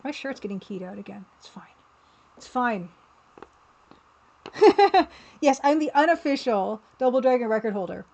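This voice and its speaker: A woman's voice: on the high side, animated, fairly quick, vocal fry, a little mellow. A woman livestreaming as an artist, chatting casually and playfully, with easy laughter. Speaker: livestreaming artist and game developer.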